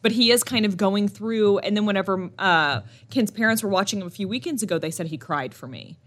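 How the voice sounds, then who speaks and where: A young woman co-hosting a podcast, telling stories in a casual, animated way with lots of laughter. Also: medium pitch, a little fast. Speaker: podcast co-host. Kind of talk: casual chat.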